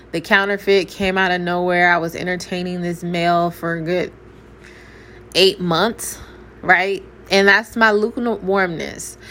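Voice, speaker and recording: A woman's voice: fairly low pitch, a bit bright. Candid woman giving a faith testimony. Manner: candid, preachy, talks straight to her audience. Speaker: faith vlogger. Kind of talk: casual faith testimony to viewers. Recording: faint background noise.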